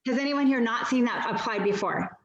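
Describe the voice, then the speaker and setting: A chatty woman walks fellow sellers through a product demo in a casual, self-deprecating way. Her voice comes through a video call that sounds roomy and a little muffled, with the high end dulled. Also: fairly quick, over a noisy crowd. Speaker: nail polish stylist training other sellers. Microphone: video call mic.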